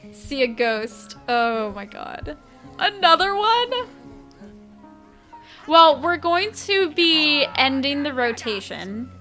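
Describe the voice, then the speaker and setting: A woman's voice: high voice, sing-song, slow pace, bright, forceful tone, soft background music. A young woman streamer chatting casually and giggling through live gameplay commentary, talking to her chat.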